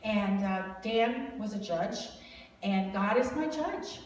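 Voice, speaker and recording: A woman's voice: mid-range voice, expressive, takes it slowly, a little hiss or hum. A woman from Wisconsin, a guest speaker prophesying over a family in an informal, chatty way, laughing often and drifting into rambling asides. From Wisconsin, USA. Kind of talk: informal prophetic ministry talk. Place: large hall. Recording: echoey hall recording from far off.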